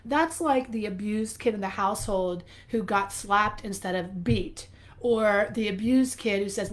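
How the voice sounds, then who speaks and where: A woman's voice: mid-range voice, unhurried. A woman hosting a live video, talking candidly and animatedly to her viewers, her voice a little worn, as though she is losing it. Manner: candid, animated, swears casually. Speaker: life coach host. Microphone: phone or webcam, live stream.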